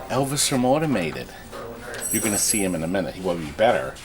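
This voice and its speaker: A man's voice: low-pitched, big pitch swings, fast talker, a crowd in the background, low-quality recording. A man co-hosting a casual show about restoring arcade games, talking enthusiastically and cracking jokes. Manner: chatty, enthusiastic, reads aloud and jokes. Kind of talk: casual on-camera show and tell. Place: amusement game shop or warehouse.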